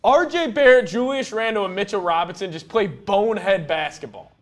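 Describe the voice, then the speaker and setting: A man's voice: high-pitched, animated, fairly quick. A man co-hosting a fan game stream, giving blunt, exasperated color commentary with casual slang.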